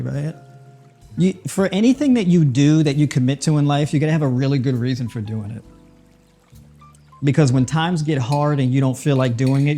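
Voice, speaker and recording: A man's voice: medium pitch, dark tone. A man with a New York accent, a nutritionist host, chatting casually while he cooks and adds lots of "right?" and "you know". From New York City. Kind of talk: casual cooking talk.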